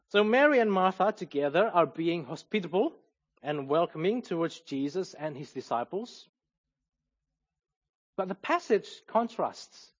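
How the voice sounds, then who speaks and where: Male preacher, measured teaching sermon, lively pitch, slightly high voice. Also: muffled recording. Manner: measured, explanatory, lively intonation.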